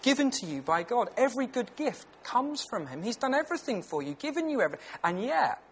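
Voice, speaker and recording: A man's voice: very high voice, sing-song, a little fast, breathy edge. A British man in his thirties giving a lunchtime Bible talk in a conversational, earnest way, with personal stories. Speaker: preacher.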